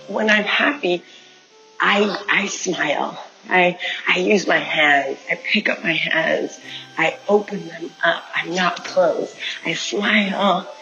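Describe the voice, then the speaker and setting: A woman's voice: lowish voice, fairly bright tone, highs cut off. A woman teaching an online dance class, coaching movement step by step and counting out the beats. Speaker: dance instructor.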